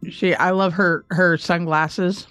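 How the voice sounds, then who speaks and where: A woman co-hosting a podcast in casual chat. She laughs often and slows down for emphasis. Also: fairly low pitch, fairly even intonation, a bit bright, clean tone, dry recording, soft background music. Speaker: podcast co-host.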